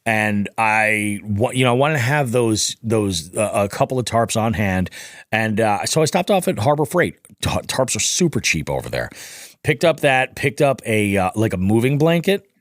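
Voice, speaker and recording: Lively low-voiced man telling a story. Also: normal speed, no echo, studio quality. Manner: animated, profane, acts out quoted dialogue. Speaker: podcast guest. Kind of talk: casual storytelling.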